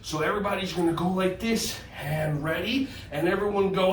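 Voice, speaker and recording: A man leading children through a yoga stretch in a goofy, teasing, high-energy way. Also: brisk, few pauses. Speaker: kids' yoga instructor. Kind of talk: playful movement lesson for children. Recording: roomy sound from a distance with faint ambience.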